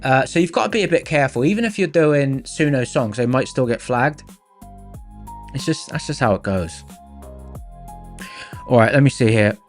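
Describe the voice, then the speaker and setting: A man's voice: medium pitch, lively intonation, moderate pace, pauses often. A man from England hosting a live stream, chatting casually and reading out viewer comments with lots of fillers. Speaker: livestream host. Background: faint background music.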